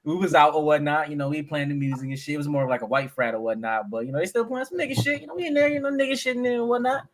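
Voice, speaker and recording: A man's voice: a little high, rapid-fire. A man in his thirties, a podcast co-host, telling a story in casual, profane chat and laughing often.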